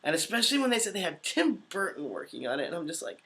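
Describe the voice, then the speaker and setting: A man in his twenties chatting casually on a livestream, answering viewer comments in an upbeat, easily excited way. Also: high-pitched, fast. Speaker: voice actor hosting a livestream.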